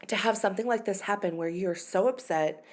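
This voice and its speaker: Speaking fairly quickly in a mid-range voice, this thirtysomething podcast host opens up about a painful personal experience. She's casual and confessional, leaning heavily on "like" and "you know," and her voice occasionally comes close to breaking into tears.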